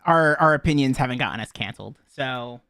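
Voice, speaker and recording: A man's voice: mid-range voice, brisk, a bit bright, clean tone, no echo, studio quality. A man co-hosting a casual podcast about a video game, joking and laughing often as he talks. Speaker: podcast co-host.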